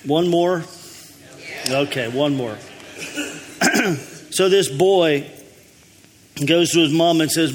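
A pastor with a slightly high voice eases into his message with folksy jokes, chuckling along as he goes. He speaks from the front of a church, and a long hall reverb trails behind his words. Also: unhurried, long pauses. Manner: folksy, easygoing joke-telling with a chuckle. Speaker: lead pastor. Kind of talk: telling jokes before a sermon.

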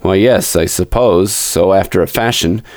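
A man's voice: low voice, normal speed, no echo, close to an everyday voice. A man voicing an irritated family doctor who answers sharply and curtly. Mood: grudging. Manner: curt, sharp.

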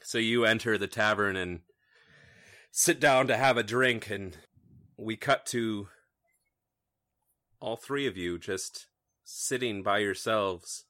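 Bright-voiced male game master narrating. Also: on the low side, slow pace, long pauses, dry recording. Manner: second-person, dramatic storytelling. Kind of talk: narrating a tabletop role-playing game.

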